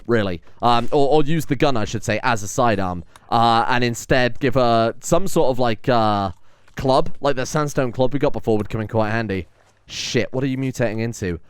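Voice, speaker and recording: A young man hosting a casual let's-play, chatting and rambling with frequent ums and quick exclamations of surprise. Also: mid-range voice, clean tone, dry recording. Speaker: gaming channel host.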